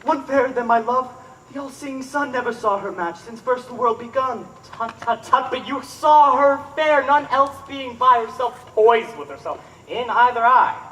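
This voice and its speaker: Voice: mid-range voice, moderate pace, a bit bright, slight background noise, lightly acted. An actor playing an earnest, lovesick young man, in outdoor Shakespeare stage acting. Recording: voice from far off the mic.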